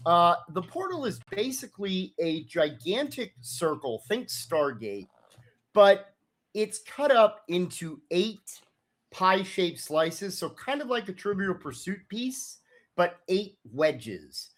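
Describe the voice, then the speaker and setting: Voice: medium pitch, sing-song, slow pace. A game master narrating a tabletop role-playing scene in a loose, rambling way with many fillers.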